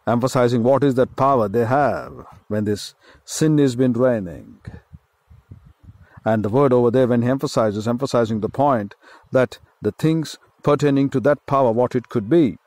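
A man's voice: mid-range voice, a little mellow, no echo. Indian-accented man preaching, dry sound. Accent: Indian English. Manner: slow emphatic preaching with repeated phrases. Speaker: pastor. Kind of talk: sermon.

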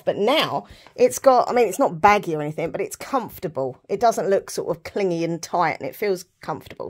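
A British woman talking to camera in a casual vlog, chatty and rambling with lots of fillers. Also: fairly low pitch. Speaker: vlogger.

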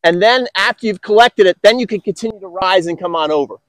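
A man's voice: high-pitched, fast, fairly bright tone, no room sound. A man coaching tennis on an outdoor court, upbeat and encouraging with enthusiastic praise.

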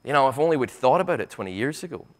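A man with a Glaswegian accent giving a conference keynote. He is impassioned and sarcastic, swears freely, and stumbles into quick restarts. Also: mid-range voice, lively intonation. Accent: Scottish, Glaswegian. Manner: impassioned, stammering restarts, rapid asides. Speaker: keynote speaker. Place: university conference hall.

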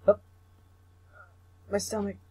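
A man's voice: high-pitched, drawn-out words, mellow, husky, rough recording. Mumbling young man reading a story aloud. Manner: mumbling and stumbling over words, with swearing asides. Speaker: reader of a visual novel. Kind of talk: comic read-through of a visual novel.

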